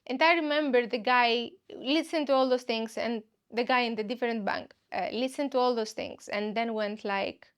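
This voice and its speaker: High-voiced woman telling comic stories. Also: normal speed, few pauses, clean tone. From Greece. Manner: animated, acts out dialogues with other people. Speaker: podcast host and comedian. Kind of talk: comedic storytelling monologue.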